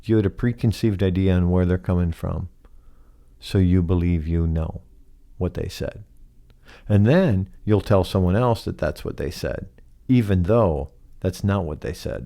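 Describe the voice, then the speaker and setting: Male podcast host, solo reflective monologue; deep, gravelly, soft-spoken, questioning. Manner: slow, soft-spoken, asks many rhetorical questions.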